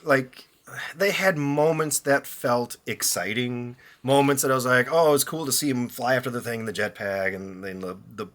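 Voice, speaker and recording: A man's voice: mid-range voice, normal speed, fairly bright tone. A man co-hosting a casual movie review chat, agreeable and jokey. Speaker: co-host of a movie review show.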